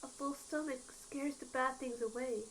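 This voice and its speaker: A woman voicing a gentle, protective young man in a game playthrough, speaking with earnest reassurance. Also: high voice, steady tone, normal speed, a little hiss or hum, low-quality recording. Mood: caring.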